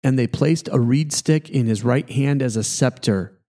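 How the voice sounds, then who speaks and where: A man, a pastor, reading scripture aloud in a steady, measured way. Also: medium pitch.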